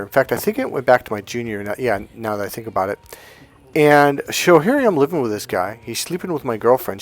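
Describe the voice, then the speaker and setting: A middle-aged man, a dating coach, tells a personal story to his viewers. He swings from loud bursts to low, quiet asides and swears freely.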